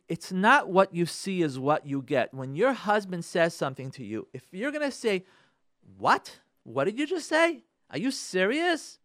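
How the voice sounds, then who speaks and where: A man speaking on a radio talk show, giving advice on marriage in an animated way. His fairly high voice swings up and down as he talks, and he often restarts and repeats words. The sound is close and dry. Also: dry recording. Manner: animated, acts out quarrelling spouses in a raised voice; repeats and restarts words, uses Hebrew religious terms.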